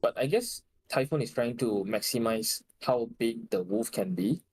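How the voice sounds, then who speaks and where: A man's voice: mid-range voice, animated, normal speed, a little mellow, husky. A man from Malaysia or Singapore, co-casting a live esports match, talks through plays in a hesitant, analytical way. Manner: hesitant, analytical, lots of "like" fillers. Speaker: guest co-caster.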